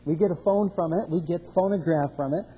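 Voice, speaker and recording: A man's voice: on the high side, quick pace, mellow, slightly rough. Preaching man in a reverberant hall. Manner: expository preaching with verse references and rising emphasis. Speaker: pastor. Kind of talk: sermon.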